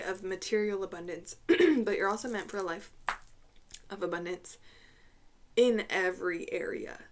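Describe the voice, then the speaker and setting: A woman gives a tarot reading at a slow, unhurried pace, pausing often and repeating her words as she goes. She clears her throat now and then and sometimes drops to a hushed, soft tone. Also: medium pitch. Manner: soft, hushed drops when naming cards. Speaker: tarot reader. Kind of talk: intuitive tarot reading to camera.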